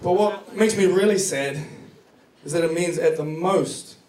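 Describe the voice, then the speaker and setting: High-voiced man doing stand-up, roomy club. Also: measured pace, a little mellow, distant mic, slight background noise. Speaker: stand-up comedian. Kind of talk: stand-up set. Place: comedy club stage. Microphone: handheld stage mic. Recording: echoey club recorded from afar. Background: audience laughter.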